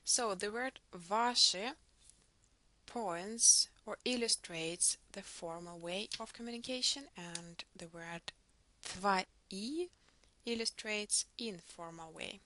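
A woman's voice: mid-range voice, takes it slowly, pushed and bright. A woman teaching a language lesson, patiently modelling words for the listener to repeat. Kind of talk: slow instructional lesson.

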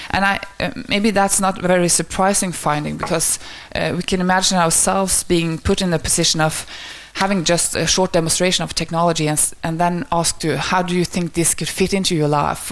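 Woman, low voice, gravelly fry, academic presentation, hesitant, lots of ums. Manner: hesitant, many fillers and restarts. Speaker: researcher presenting findings.

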